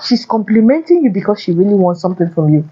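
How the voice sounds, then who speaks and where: A woman's voice: mid-range voice, big pitch swings, quick pace, mellow, slightly rough, muffled recording. A woman vlogger giving blunt, repetitive relationship warnings addressed to men. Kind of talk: casual advice monologue.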